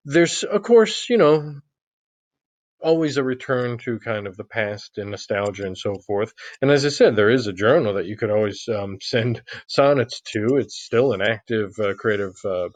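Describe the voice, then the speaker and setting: A man lecturing on literature in a relaxed, conversational way, peppering his explanations with "you know". His voice sits at an ordinary middle pitch and sounds dry and close, with no room echo. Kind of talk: recorded online lecture.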